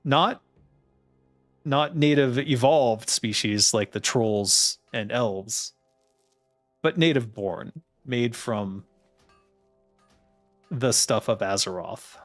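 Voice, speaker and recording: A man's voice: medium pitch, slow, long pauses, fairly bright tone, faint music behind. A man chatting casually as he plays through a game, laughing often and poking fun at himself. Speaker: game designer streamer. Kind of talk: casual gameplay commentary.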